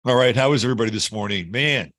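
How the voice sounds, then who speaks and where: A man's voice: medium pitch, very fast, fairly bright tone. A middle-aged man hosting an astrology show, talking in a chatty, jokey livestream style. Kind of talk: casual livestream chat.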